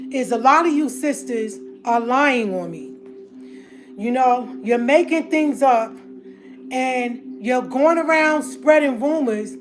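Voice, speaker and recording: A high-pitched woman speaks slowly and bluntly, lecturing her audience in an upset, confrontational rant. She keeps stopping to clear her throat as she tries to calm herself. Music plays clearly behind her voice. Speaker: online commentator. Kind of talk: angry monologue to viewers.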